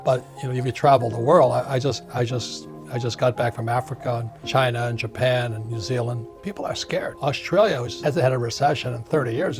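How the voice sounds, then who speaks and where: Blunt emphatic older man in his seventies. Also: mid-range voice. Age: 70s. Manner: blunt and emphatic, repeats words for stress. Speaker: author being interviewed as a guest. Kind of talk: interview. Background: background music.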